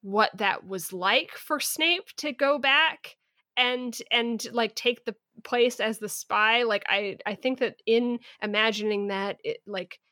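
Woman podcast co-host, unhurried, opinionated, halting. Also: a little high, pushed and bright, no echo, studio quality. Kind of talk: casual book discussion.

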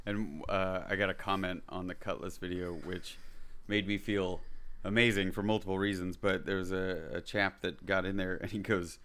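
A man in a casual podcast chat, telling animated stories, acting out quotes and swearing casually. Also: sits low, moderate pace, hardly any pauses.

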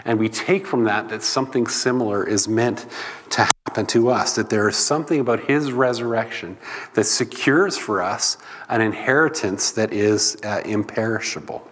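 A man's voice: on the low side, moderate pace, a bit bright, big-room sound, a little hiss or hum. A man preaching a sermon in a loose, conversational teaching manner. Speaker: pastor.

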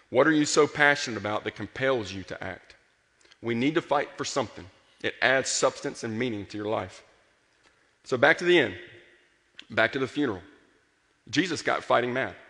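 A man preaching a sermon with earnest emphasis, rising to passion and dropping soft. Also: mid-range voice. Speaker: pastor. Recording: long hall reverb.

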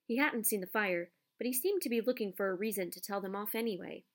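A woman narrating a children's storybook in a measured, expressive reading. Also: medium pitch. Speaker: audiobook narrator.

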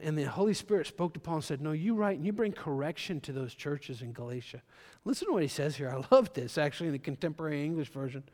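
A male pastor preaches with a somewhat high voice that swells loud for emphasis and then falls back to a quiet murmur. His sermon rings out through a large hall with long reverb trailing each phrase.

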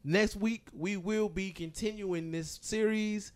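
A man's voice: high voice, slow, clean tone. A man hosting a casual hip-hop podcast, debating rankings and counting down a list. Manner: animated, ranks and counts down a list. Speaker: podcast host.

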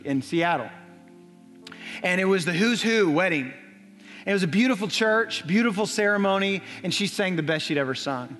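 A young adult man preaching a sermon in a church, telling a story with earnest repetition. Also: fairly high pitch. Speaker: pastor. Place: church sanctuary. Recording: long church reverb, soft music.

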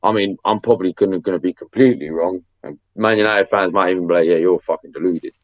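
Man, young, low voice, animated storytelling, dry muffled remote audio. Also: fast, no echo. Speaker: co-host. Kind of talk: casual football podcast chat.

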